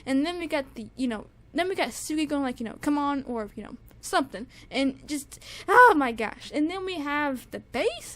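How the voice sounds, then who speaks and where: Gushing high-voiced young woman reviewer. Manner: gushing, repetitive, lots of "like" and restarts. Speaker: music reviewer. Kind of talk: excited casual music review.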